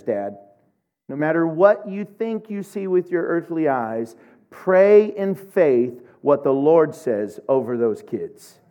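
Middle-aged preacher guy from oklahoma, high voice, jokey animated sermon. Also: slow. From Oklahoma, USA. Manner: humorous, animated storytelling with laughs.

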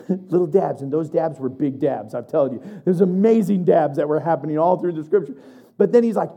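A preacher giving a sermon, animated and chatty, laughing often and building to loud emphasis. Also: mid-range voice, brisk, creaky, highs cut off. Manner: chatty asides to the congregation.

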